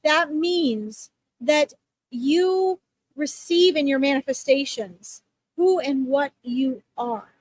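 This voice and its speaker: High-voiced chatty woman on a livestream. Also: takes it slowly, no room sound. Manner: chatty, reassuring, many okays and ums. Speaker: psychic medium hosting live readings. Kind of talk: casual livestream talk to viewers.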